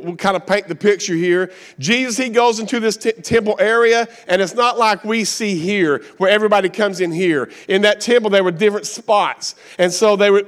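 A middle-aged man with a high-pitched voice and a Kentucky accent preaches a sermon as a guest speaker, using a folksy, joking storytelling style.

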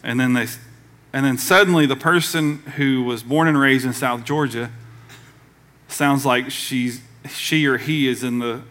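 A man's voice: mid-range voice, a little slow, fairly bright tone. A man from the American South preaching a conversational sermon as pastor, acting out quoted voices along the way.

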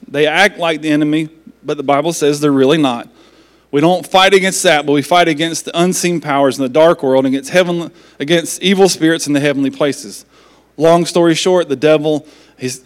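A man pastor, preaching a sermon in a folksy, joking manner. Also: a little high.

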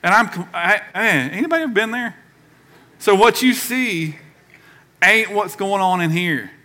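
A middle-aged pastor preaches to his church. His bright voice sits a little high, and he keeps it conversational, slipping into the voices of the people he quotes. The feel is a live sermon in a sanctuary. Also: animated, measured pace.

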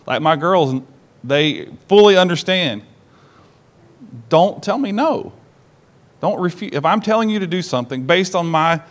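A man preaching a sermon to a congregation in a church service. He is an animated storyteller who acts out the lines he quotes and asks the congregation direct questions. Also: on the high side. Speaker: pastor.

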